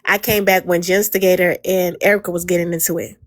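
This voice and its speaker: A woman's voice: on the low side, little pitch movement, quick pace, dry recording, clean studio sound. A woman hosting a live audio chat room, blunt, teasing and profane in casual talk on a phone mic.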